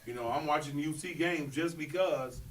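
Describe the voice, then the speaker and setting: Man hosting a sports podcast, animated, slightly high voice, mic a bit distant, faint room hum. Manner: animated, laughing, quick asides. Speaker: podcast host. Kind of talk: casual sports chat.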